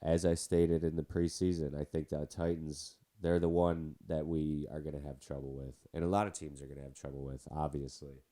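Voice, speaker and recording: A man's voice: rumbling low, flat delivery, brisk, hardly any pauses, mellow. A man with a nasal, stuffed-up voice from a cold, hosting a casual sports podcast in a chatty, rambling way. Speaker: podcast host.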